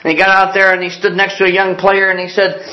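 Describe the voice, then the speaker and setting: A man's voice: sits high, monotone, fast. A man preaching a sermon in an earnest, storytelling way, repeating key lines for emphasis. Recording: echoey, dull lo-fi sound.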